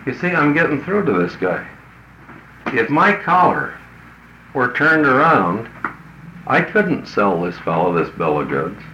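A man's voice: mid-range voice, sing-song, a little slow, long pauses, pushed and bright, a little hiss or hum. A man who works as a business consultant tells a story to an audience in a folksy, blunt, colloquial way. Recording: roomy, dull lo-fi recording.

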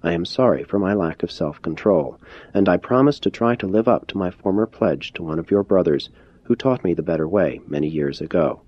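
Man reading a sheepish hot-tempered husband, hesitant and sorry, deep husky voice. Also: fairly quick, dry recording. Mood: contrite. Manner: hesitant, apologetic. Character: irate adult husband, flustered and then contrite. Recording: dull lo-fi recording.

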